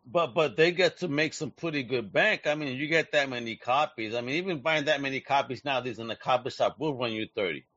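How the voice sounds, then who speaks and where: Excitable slang-talking male interview host. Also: medium pitch, fairly quick, hardly any pauses, no echo, lo-fi sound. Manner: slangy, excitable, hype-driven. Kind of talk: casual interview chat.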